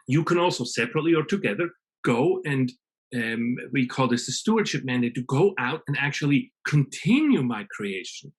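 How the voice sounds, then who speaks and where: A man's voice: mid-range voice, breathy edge. A man speaking at a virtual conference, telling a story and acting out its dialogue playfully, often restarting his phrases. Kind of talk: storytelling talk. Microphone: video call.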